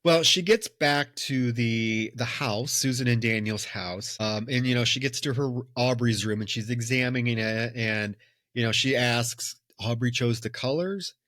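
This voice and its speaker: A man co-hosting a podcast, recapping a film plot as an expressive storyteller who acts out the characters' lines. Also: mid-range voice, measured pace, dry recording, clean studio sound. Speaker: podcast co-host.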